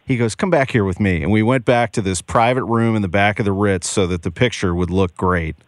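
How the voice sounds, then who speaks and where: A low-voiced man hosts a radio talk show from a dry studio mic. He talks earnestly and with enthusiasm, leading into the break. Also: steady tone, fairly quick, no echo. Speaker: radio sports talk host.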